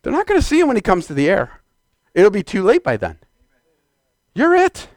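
A man preaching a fervent sermon in a church, exhorting the congregation and shouting declarations. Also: high voice, huge pitch swings, fast talker, no echo, studio quality.

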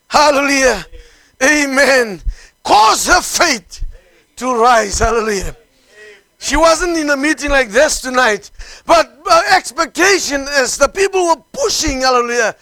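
A man preaching a sermon, peppering his phrases with hallelujah and amen, swinging from calm storytelling to fervent shouting. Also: very high voice, unhurried, no room sound.

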